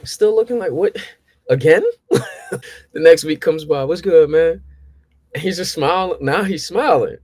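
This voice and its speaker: A man's voice: measured pace, pauses often, dry recording. A young man, telling stories in a casual chat and acting out his past exchanges. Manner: animated, acts out his own past exchanges with rising pitch. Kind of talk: casual storytelling.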